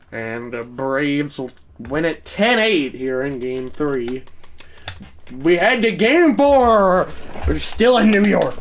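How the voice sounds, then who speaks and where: A man calling his own baseball video game like a broadcaster, shouting on big hits and rambling in self-mocking asides between plays. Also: a little high, slight background noise. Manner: mock broadcaster calls that burst into shouting. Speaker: gaming streamer. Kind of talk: casual play-by-play of a video game.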